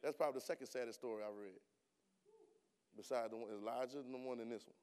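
Guy preaching in church, chatty, lots of questions at the crowd, gets real loud when he pushes a point. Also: medium pitch, fairly even intonation, fast, clear, resonant tone. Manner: conversational, rising to loud emphatic bursts; colloquial, rhetorical questions to the congregation. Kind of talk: sermon.

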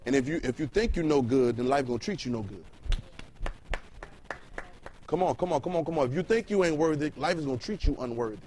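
Expressive and a little fast, with long pauses, a male preacher reads scripture and speaks colloquially, repeating words to build his point and constantly questioning the room. His voice is fairly high with a darkish tone; the audio is poor, with slight hiss or hum.

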